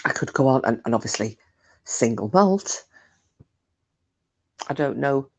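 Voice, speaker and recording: A woman's voice: rumbling low, lively intonation, a little slow. A woman chatting casually with her live stream viewers, talkative and self-mocking, swearing freely.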